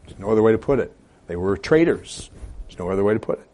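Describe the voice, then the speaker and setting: A man preaching a sermon as pastor, with emphatic stresses, quiet asides and hesitant fillers between phrases. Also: fairly low pitch, expressive, quick pace.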